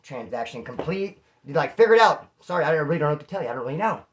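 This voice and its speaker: A man from California, a former inmate, telling a prison story casually to camera in slangy, animated talk full of bro and dude. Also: fairly high pitch, racing, a little hiss or hum.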